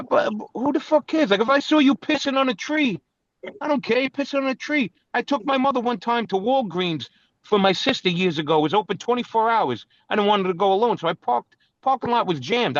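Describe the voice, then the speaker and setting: A middle-aged man tells stories bluntly and with a lot of swearing, his fairly high voice rising and falling a great deal. He comes through a video call that sounds dull and lo-fi, with a dry, close sound. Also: expressive, fast, no echo. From New York City. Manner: profane, blunt storyteller. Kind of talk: casual podcast chat over video call.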